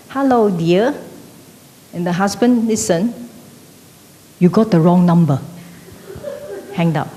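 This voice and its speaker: A woman teacher with a Malaysian English accent lecturing an evening class, expressive, often dropping her voice low and soft. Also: a little hiss or hum. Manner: expressive, acts out quoted speakers, often drops low and soft. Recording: long hall reverb.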